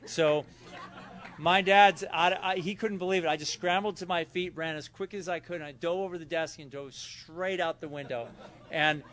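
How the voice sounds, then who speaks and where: Man with a Southern California accent, a little high-pitched, tells a loose, rambling recovery story at a meeting. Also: steady tone, normal speed, slight background noise. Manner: loose, rambling, acts out quotes loudly. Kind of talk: personal story told to a meeting. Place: hotel meeting room.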